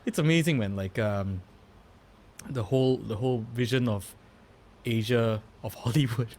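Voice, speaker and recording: A man's voice: mid-range voice, moderate pace, darkish tone, a little hiss or hum. A man in his thirties hosting a podcast, rambling with many fillers and restarts in casual chat. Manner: rambling, filler-heavy, laughs easily. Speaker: podcast host.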